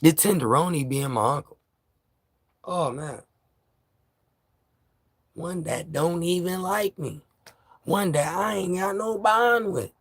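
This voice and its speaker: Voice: mid-range voice, slow, long pauses, no room sound, clean studio sound. A vlogger from New York ranting to camera in casual, profane street slang, heated and laughing by turns.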